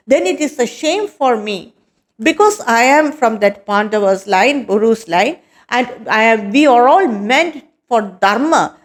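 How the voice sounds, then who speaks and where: A man's voice: extremely high pitch, pitched above the performer's own voice. A woman voicing an angry, righteous young king in a retold scripture story, speaking in indignant, accusing questions.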